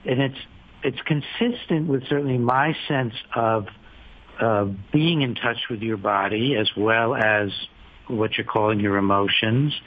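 A man, a psychiatrist guest in an interview, speaking in a thoughtful, measured and slightly hesitant way. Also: medium pitch, husky. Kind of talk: conversational interview. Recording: phone-like lo-fi radio audio.

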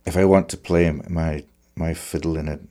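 A man with a very low, dark voice talks about his playing in a conversation. He is thoughtful, often pausing and restarting as he looks for the right words. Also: fairly even intonation. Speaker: fiddler. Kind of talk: conversational reflection on music.

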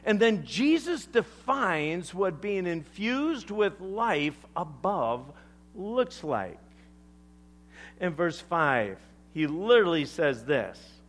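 Slow, animated male preacher. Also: sits high. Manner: emphatic, animated preaching with deliberate pauses. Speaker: pastor. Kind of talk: sermon.

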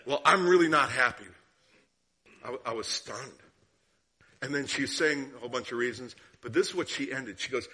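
A man preaching a sermon as guest speaker, telling a story and asking the listeners questions, sometimes dropping to a hushed tone and sometimes rising. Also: mid-range voice, normal speed, long pauses, slightly rough. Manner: drops to hushed tones for story, rises for questions.

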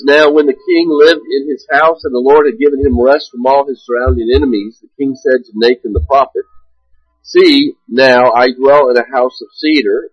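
A man's voice: medium pitch, breathy edge, dry recording, dull audio. A man preaching a sermon, reading scripture aloud and then teaching with frequent fillers and restarts. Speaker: pastor.

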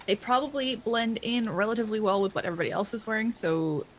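A woman's voice: on the high side, slight background noise. A woman playing a tabletop role-playing game, asking rules questions and describing her character's actions. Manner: quick, questioning. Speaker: player.

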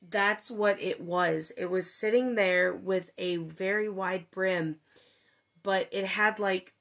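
A woman's voice: mid-range voice, takes it slowly, vocal fry. A woman hosting a podcast, telling a ghost story in casual chat, with lots of fillers and some swearing. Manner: animated, many fillers, swears when excited. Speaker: podcast host.

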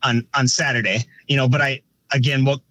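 A man's voice: medium pitch, flat delivery, brisk, pushed and bright, no echo. A man who directs races, talking casually on a podcast, rambling with frequent restarts and filler phrases. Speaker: race director.

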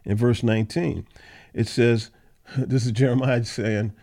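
Gravelly and dark, this man's medium-pitched voice stays steady and unhurried. On his Bible study podcast he reads verses out loud, then explains them in simple, conversational language.

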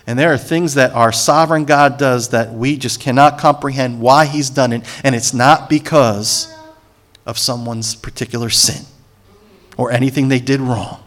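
A man's voice: mid-range voice, fairly even intonation, moderate pace, a bit bright. A man preaching a sermon, who reads scripture aloud, acts out its characters with sarcasm and asks the congregation for responses. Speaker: pastor.

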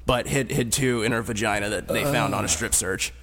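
A man's voice: lowish voice, a little fast, fairly bright tone, slight background noise. A man with a Boston accent hosting a radio talk show, rambling in crude, profane banter and mocking himself often. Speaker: host. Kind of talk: crude casual studio banter.

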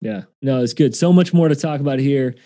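A man's voice: mid-range voice, a little fast, warm tone. A man hosting a podcast interview, friendly and upbeat as he asks his guest a question. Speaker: podcast host.

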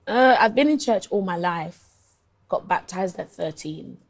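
A young woman in her twenties speaks with a London accent in a casual interview. She chats and tells stories freely, often with ums and likes, in a slightly low voice. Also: animated, unhurried, gravelly. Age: 20s. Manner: chatty storyteller, many ums and likes. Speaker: guest, singer-songwriter.

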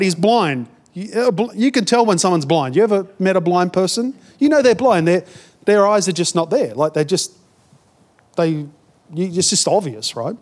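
A man's voice: sits high, a little mellow. A man with an Australian accent, a pastor giving a conversational sermon, often repeating words as he builds a point.

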